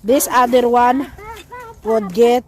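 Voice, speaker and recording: A woman's voice: on the high side, fairly even intonation, slow pace, darkish tone. A young woman with a Filipino Cebuano accent, a mother cheering and laughing as she plays ball outdoors with her kids. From Philippines. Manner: cheering, laughing, playful with children. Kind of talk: casual family vlog.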